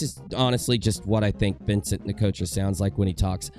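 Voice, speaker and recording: A man's voice: on the low side, moderate pace, few pauses, darkish tone, faint music behind. A young man giving a casual commentary rant from home in front of a green screen, joking and rambling with self-mocking asides. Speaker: commentary YouTuber.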